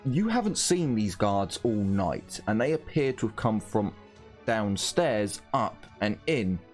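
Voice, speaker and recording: A man's voice: on the low side, sing-song, slow pace, faint music behind. A man narrating a tabletop game as game master, wandering along with plenty of fillers and restarts. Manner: meandering, full of fillers and restarts.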